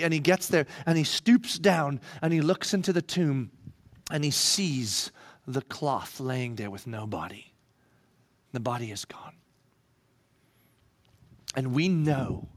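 A male preacher with a high-pitched voice delivering a sermon. He drops to a hush for scripture and rises to loud, dramatic emphasis. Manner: dramatic, swinging from hushed to loud.

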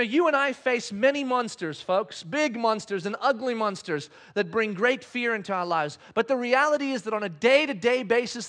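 A man in his thirties, a pastor telling a family story in a sermon, animated and swinging from quiet asides to loud outbursts. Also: sits high.

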